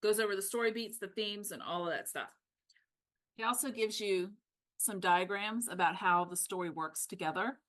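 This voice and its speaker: Bright-voiced chatty woman co-host. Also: medium pitch. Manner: chatty, animated, quick asides. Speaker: podcast co-host. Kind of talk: casual book discussion.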